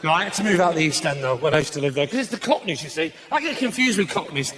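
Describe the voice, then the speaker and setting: A man doing live stand-up comedy, cheeky and brisk, bursting into shouted punchlines. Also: fairly high pitch, expressive, background noise. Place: live comedy stage before an audience.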